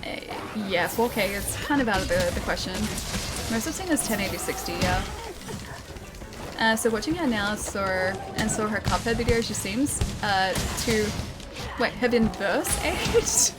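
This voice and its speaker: A young woman's medium-pitched voice, at normal speed, carries a relaxed live-stream chat as she plays a game. She reads viewers' comments aloud and laughs often, with game music playing in the background.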